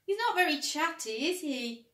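Woman doing a lonely little sock guy, high wistful pleading voice, roomy sound from a way off. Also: animated, moderate pace, a bit bright. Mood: worried. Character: lonely sad male odd sock, small and gentle. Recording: roomy, distant mic.

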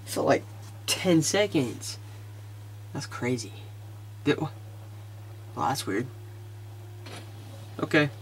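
Man gamer, casual commentary, slow drawl, a bit high, frustrated outbursts, mutters. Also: a little hiss or hum. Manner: excitable, quick to frustration, mutters to himself.

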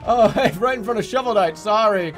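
There's faint music under this young man's high-pitched voice as he streams a game at a slightly quick pace. The commentary is loose and meandering, full of profanity and laughter, typical of a casual let's-play.

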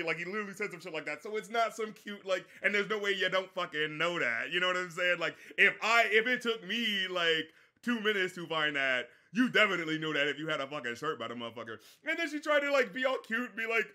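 Animated high-pitched male ranting critic. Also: fairly quick. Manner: animated, slangy, profane, mocks others in quoted voices. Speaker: music critic and streamer. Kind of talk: casual ranting commentary from a livestream.

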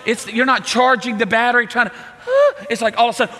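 A middle-aged man preaching a sermon, telling a story with lively acted-out voices. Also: very high voice, quick pace, shouting. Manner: animated storytelling, acting out voices. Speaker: pastor. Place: church sanctuary. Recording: reverberant church hall.

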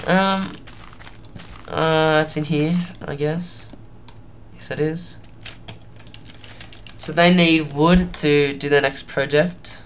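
A man's voice: fairly high pitch, steady tone, a bit bright, slight background noise. A young man giving casual, rambling commentary while playing a video game. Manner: rambling, unhurried, thinking aloud. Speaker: let's play gamer.

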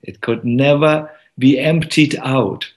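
A man giving a devotional talk as a monk, telling a story in an unhurried, gentle way with many pauses. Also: mid-range voice, steady tone.

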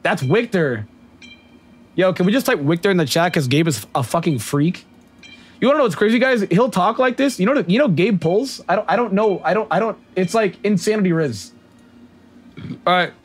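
A man's voice: high voice, expressive, moderate pace, husky. A man streaming a game and chatting with viewers, slangy and profane and laughing often. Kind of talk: casual livestream chat with viewers.

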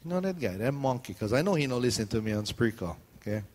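A man's voice: mid-range voice, big pitch swings, quick pace, darkish tone. A middle-aged man with a Hawaiian Pidgin accent, preaching in a chatty, joking storytelling way. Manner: chatty storytelling, jumps into voices. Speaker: pastor. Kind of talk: joking sermon talk.

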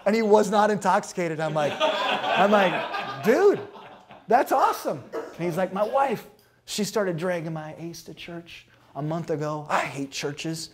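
A man from South Dakota, a pastor, telling a story in an animated, expressive way and laughing at his own tales. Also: on the high side, unhurried, background noise. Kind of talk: sermon-style storytelling talk.

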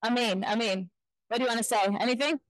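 A woman hosting a live broadcast outdoors among a big crowd, upbeat and asking quick questions. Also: on the high side, no room sound, poor audio. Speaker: host interviewing people. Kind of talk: live on-site interviewing. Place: outdoors among thousands of people.

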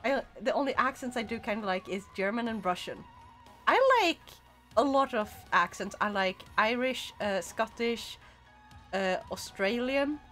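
A woman's voice: on the high side, normal speed, fairly bright tone, soft background music. A woman streaming a video game, chatting casually with her viewers and giggling often. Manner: giggly and chatty, reacting to chat. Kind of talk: casual livestream chat while playing.

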